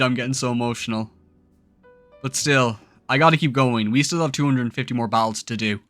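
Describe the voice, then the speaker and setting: A man commentating his own video game playthrough, excitable and emotional, often breaking into exclamations. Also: medium pitch, fairly quick, faint music behind. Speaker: gaming YouTuber. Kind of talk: let's-play commentary.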